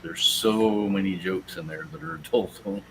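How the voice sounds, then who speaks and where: A man's voice: low-pitched, big pitch swings, normal speed, vocal fry, poor audio. A man in a casual chat, easygoing and telling little anecdotes.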